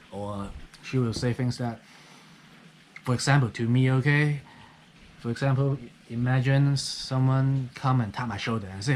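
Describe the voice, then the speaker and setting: A man's voice: medium pitch, moderate pace, darkish tone, a little hiss or hum. A man, talking in a casual, rambling vlog monologue and often tagging "okay?" onto his sentences. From Hong Kong. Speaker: vlogger. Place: guest house on a rainy night. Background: rain.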